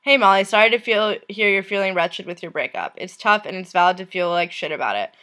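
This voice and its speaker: Woman, vlogger, reads messages aloud, mid-range voice, quiet unhurried delivery, trailing line ends. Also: mid-range voice, animated.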